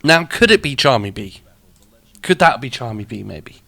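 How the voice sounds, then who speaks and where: A radio show host and streamer rambles chattily through a live show, laughing often as he reacts to what he sees and reads out. His mid-range voice has lively intonation, vocal fry, and a pushed, bright quality at a moderate pace, with no echo.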